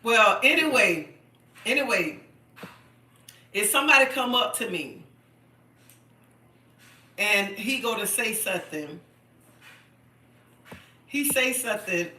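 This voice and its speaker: Woman, middle-aged, chatty live-streamer, bright and emphatic, repeats points, distant echoey phone sound. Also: mid-range voice, lively intonation, slow pace, long pauses. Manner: chatty and emphatic, repeats herself, keeps asking "okay?". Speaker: livestream host. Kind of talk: casual live-stream chat.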